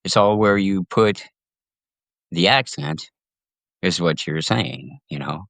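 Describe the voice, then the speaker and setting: A man's voice: low voice, unhurried, vocal fry, fairly bright tone, dry recording. A man talking as a podcast guest in casual chat, agreeable and given to chuckles and restarting his phrases.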